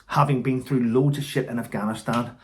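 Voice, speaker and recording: A man's voice: medium pitch, steady tone, fairly quick, a little hiss or hum. A man, an army veteran, recounting war stories bluntly and emphatically, swearing and restarting.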